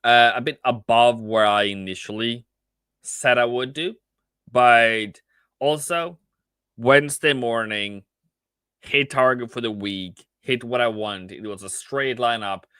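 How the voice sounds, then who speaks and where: A man trader on a live stream, chatting casually about his trades with animated repeats, asides and laughs. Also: mid-range voice, a little slow, clean tone, no room sound.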